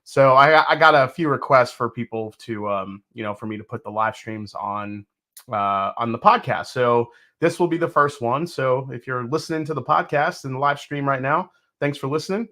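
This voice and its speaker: A man's voice: mid-range voice, normal speed, pushed and bright. A man hosting a live stream, from New York, chatting casually and greeting viewers one by one. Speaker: host.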